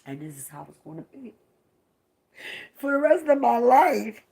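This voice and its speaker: Mellow and husky with vocal fry, this young Baltimore woman's fairly high voice swings widely in pitch at a moderate pace. Grieving, she confides in her live-stream audience, frequently whispering into a nearby phone.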